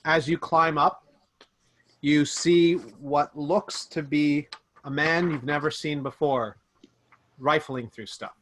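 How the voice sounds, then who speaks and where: A man running a tabletop game as game master, narrating scenes in a slow, descriptive, brooding way. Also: on the high side, fairly even intonation, fairly bright tone, a little hiss or hum.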